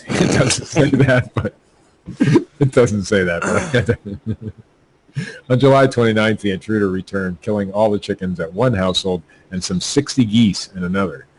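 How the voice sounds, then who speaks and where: A podcast host reads news stories aloud, stumbling over words and laughing at his own joking asides. His voice is on the low side and moderately paced, and the poor audio has slight background noise.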